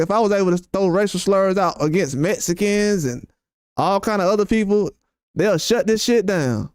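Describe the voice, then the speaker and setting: A man who hosts a boxing YouTube channel rants heatedly on a live stream, bluntly, profanely and repetitively. His voice is high-pitched with a darkish, clean tone, recorded in clean studio sound with no echo.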